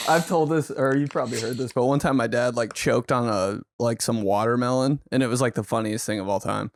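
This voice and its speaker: A young man co-hosting a casual comedic podcast, telling animated stories and acting out his dad in raised bursts. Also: medium pitch, brisk, few pauses, no room sound. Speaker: podcast co-host.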